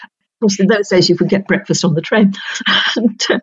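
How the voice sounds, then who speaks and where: Older woman guest, measured and precise, gravelly and husky, dry slightly dull recording. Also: mid-range voice, no room sound. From North Yorkshire, England. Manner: measured, precise, laughs often. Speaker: guest, retired senior judge. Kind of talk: reflective interview storytelling.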